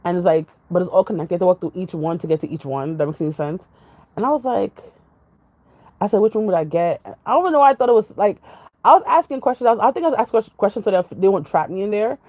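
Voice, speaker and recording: A woman's voice: mid-range voice, lively intonation, fast, a little mellow, no echo, poor audio. A woman vlogger in casual, rambling chat with her viewers, jumping from topic to topic. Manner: jumps from topic to topic, chatty, laughs often.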